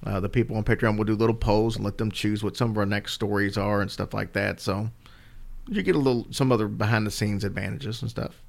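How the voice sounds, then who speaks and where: A podcast co-host with a lowish, creaky voice chats casually and fairly quickly about supporting the show. His intonation stays fairly even, and his talk is loose and rambling, easygoing and full of fillers.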